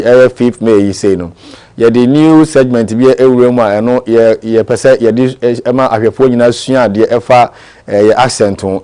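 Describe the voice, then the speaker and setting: A man's voice: mid-range voice, darkish tone, smooth. A man hosting a TV morning show, talking conversationally.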